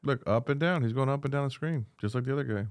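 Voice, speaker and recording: A man's voice: mid-range voice, fast talker, no echo, studio quality. A man co-hosting a podcast in casual chat, slangy and swearing a lot. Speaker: podcast co-host.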